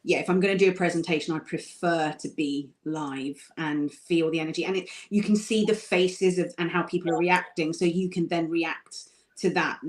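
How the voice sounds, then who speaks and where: A woman's voice: lowish voice, steady tone, moderate pace. A woman who grew up in Somerset, a guest author in a casual interview, talking in an easygoing, self-deprecating way with small laughs. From Somerset, England.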